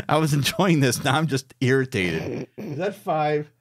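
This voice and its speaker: A man bantering over a board game, complaining with sarcastic jabs. His voice leaps around in pitch as he talks. The sound is close and dry, with no room echo. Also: animated, slow. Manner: sarcastic, grumbling commentary. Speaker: board game show co-host. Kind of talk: casual play-through banter.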